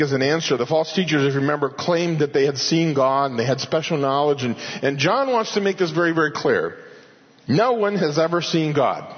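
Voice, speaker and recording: A man preaching an expository sermon in earnest, slowing down and rising in pitch to stress key points. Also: husky. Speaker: pastor. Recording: dull audio with long hall reverb.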